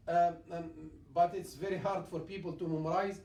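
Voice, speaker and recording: High-voiced imam, echoey and distant. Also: male voice, a little mellow. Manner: halting, many fillers, repeats and recites examples. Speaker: imam teaching Quran recitation. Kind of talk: classroom tajweed lesson. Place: mosque classroom. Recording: echoey room, mic far off.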